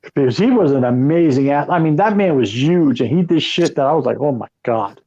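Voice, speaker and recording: A fairly high-voiced man talks in an emphatic, casual way, stacking repeats and curse words. The recording sounds dull and lo-fi, with its top end muffled. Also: animated, fairly quick, warm tone. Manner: emphatic, repeats himself, swears freely. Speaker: podcast co-host. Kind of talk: casual chat.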